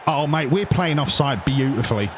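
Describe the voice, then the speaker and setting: A man's voice: mid-range voice, animated, moderate pace, background noise. A young man streaming a football management game, talking casually with viewers and cheering his players, swearing often. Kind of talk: casual live-stream commentary.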